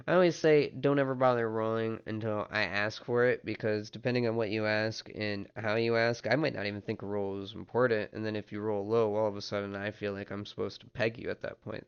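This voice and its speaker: A man narrating as game master of a tabletop game, in a relaxed, rambling way with restarts. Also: on the low side, brisk, smooth, muffled recording.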